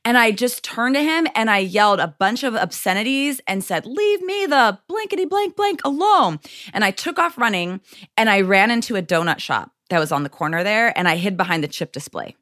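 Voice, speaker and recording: A woman's voice: medium pitch, a little fast, dry recording, studio quality. A woman being interviewed as a self-defense expert, telling personal stories earnestly and acting out what people said. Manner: earnest, animated storyteller, acts out quoted lines.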